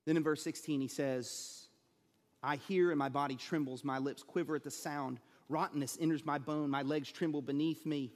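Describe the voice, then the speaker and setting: A man preaching a sermon as a pastor, building to emphatic peaks with dramatic pauses. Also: fairly high pitch, steady tone, in a large hall. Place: church sanctuary.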